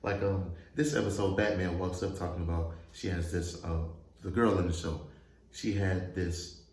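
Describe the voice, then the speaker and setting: A man's voice: deep voice, normal speed, darkish tone. A man hosting a casual, chatty reaction commentary who laughs often. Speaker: host. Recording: echoey room, faint noise.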